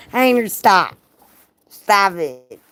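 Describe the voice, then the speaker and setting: A woman's voice: medium pitch, sing-song, drawn-out words, vocal fry, fairly bright tone, no room sound. A woman hosting a livestream, reading a racy story aloud and breaking off to tease her chat with profane jokes and frequent laughter. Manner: profane, teasing, laughs often, talks to chat by name. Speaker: livestream host.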